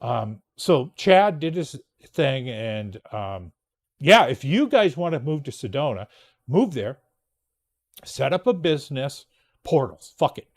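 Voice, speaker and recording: Animated, profane man telling a story. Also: medium pitch, slow pace. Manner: blunt, profane, rambling storyteller. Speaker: podcast host. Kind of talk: casual storytelling monologue.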